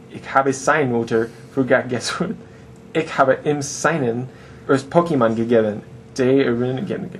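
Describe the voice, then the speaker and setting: A man voicing an anguished older male professor in an amateur fan film, reading German lines in a stiff, halting way with a foreign accent. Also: medium pitch, slight background noise, lightly acted.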